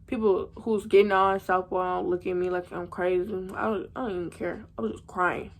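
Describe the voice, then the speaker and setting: A woman's voice: lowish voice, steady tone, normal speed. A young woman, telling a storytime vlog to her viewers in a slangy, chatty way. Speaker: vlogger.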